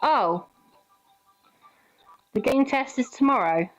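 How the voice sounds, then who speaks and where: A woman's voice: high-pitched, lively intonation, takes it slowly, soft background music, poor audio. A British woman streaming a game, chatting casually with her viewers and greeting them by name. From Britain. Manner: chatty, giggly, talks to chat by name.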